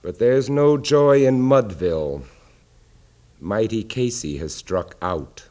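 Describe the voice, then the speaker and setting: A man giving a dramatic recitation of a poem, measured, sinking low and quiet on the weighty lines. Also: animated.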